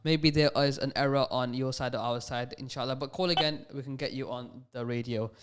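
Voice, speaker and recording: A man's voice: medium pitch, fairly even intonation, brisk, clean tone. Patient man hosting a radio phone-in. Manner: patient, encouraging with young callers; sprinkles Islamic phrases through his talk. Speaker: radio call-in host.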